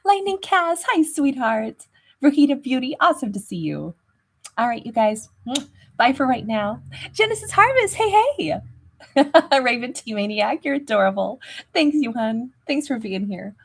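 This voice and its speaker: A woman with a slightly high voice hosts a live tarot stream. She chats casually, greets viewers one by one with pet names like sweetheart and babe, and laughs easily. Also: lively intonation, normal speed, slightly rough. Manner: warm, chatty, laughs often, calls viewers babe and sweetheart. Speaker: tarot reader and channel host.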